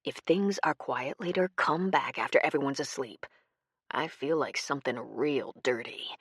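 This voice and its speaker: A woman's voice: rumbling low, normal speed, breathy edge, no echo, studio quality, voice pushed down, exaggerated voice. A woman doing a charming con man turned menacing. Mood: scheming. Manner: fake charm turning cold and cruel. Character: smooth adult male con man, menacing.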